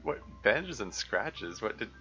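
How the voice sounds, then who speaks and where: A man's voice: fairly low pitch, big pitch swings, unhurried, bright, forceful tone, muffled recording, soft background music. A man reading a visual novel aloud on a live stream, chatty and prone to side comments. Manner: chatty, digressive, self-correcting. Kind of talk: let's-play narration and commentary.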